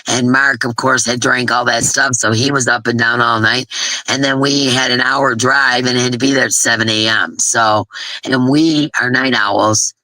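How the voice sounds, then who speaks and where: A woman's voice: very deep voice, fairly even intonation, moderate pace, sharp tone, no echo. A woman hosting a crochet livestream, chatting casually and laughing at herself while exhausted from little sleep. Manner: chatty, laughing, self-deprecating. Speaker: crochet channel host.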